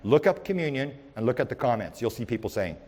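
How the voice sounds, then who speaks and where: A man's voice: medium pitch, quick pace, a little hiss or hum. A man giving a UFO research talk, telling stories in a rambling way with many restarts. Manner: rambling, with frequent restarts and repeated words; animated storyteller who speaks in the present tense. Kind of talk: anecdotal storytelling lecture.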